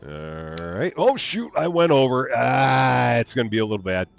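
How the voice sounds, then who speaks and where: A man's voice: medium pitch, very animated, normal speed, vocal fry, few pauses, soft background music. A man giving chatty, playful live commentary while streaming a game, reading its on-screen text aloud and joking along the way. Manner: chatty, playful, jokey asides.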